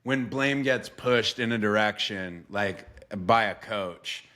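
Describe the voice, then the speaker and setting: Low bright-voiced man hosting a podcast. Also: slow. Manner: earnest, swears casually, many fillers like "bro". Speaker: podcast host and former quarterback coach. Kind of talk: emotional interview conversation.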